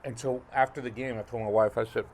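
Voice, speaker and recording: A man's voice: mid-range voice, steady tone, fast talker, darkish tone, a little hiss or hum. Rambling man telling stories. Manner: swearing, rambling storyteller with many fillers. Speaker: podcast co-host. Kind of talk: casual chat.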